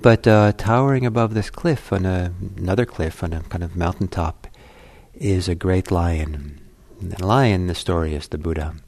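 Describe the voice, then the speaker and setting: A man telling a Buddhist parable in a talk, unhurried and conversational. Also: low-pitched, a little mellow. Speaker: Buddhist teacher.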